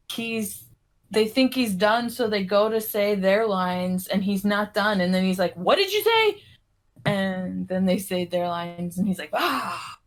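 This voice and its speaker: A woman co-hosting a casual podcast, rambling through a film plot and acting out the characters' quotes. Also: medium pitch. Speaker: podcast co-host. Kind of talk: casual chat.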